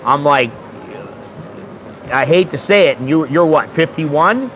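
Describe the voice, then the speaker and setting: A man's voice: fairly high pitch, animated, a little slow, fairly bright tone, highs cut off, slight background noise. A man in his sixties from the United States, rambling bluntly and with some swearing in a casual livestream chat. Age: 60s. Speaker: streamer.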